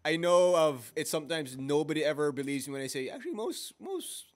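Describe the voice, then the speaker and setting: A man's voice: on the high side, steady tone, quick pace. Rambling, laughing male sports co-host. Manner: rambling, repeats words, laughs often. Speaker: podcast co-host. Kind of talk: casual sports talk.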